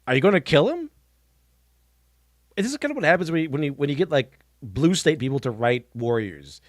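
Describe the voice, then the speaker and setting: A man on a live stream tears into a clip in blunt, scoffing commentary, full of restarts. His somewhat high voice swings widely in pitch. He sounds close to the mic, in a dry, dead room. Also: sing-song, a little fast, no room sound.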